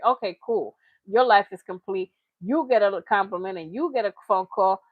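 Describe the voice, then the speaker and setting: A woman's voice: mid-range voice, moderate pace, dry recording, phone-quality sound. A woman hosting a reaction channel, talking in casual, chatty commentary with frequent laughs. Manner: chatty, laughing, slips into mocking impressions.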